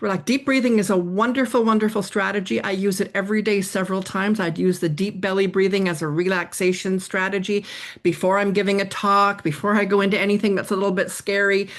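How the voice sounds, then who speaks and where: A woman psychotherapist explaining ideas in a podcast interview, animated, acting out examples as she goes. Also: mid-range voice. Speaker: psychotherapist guest.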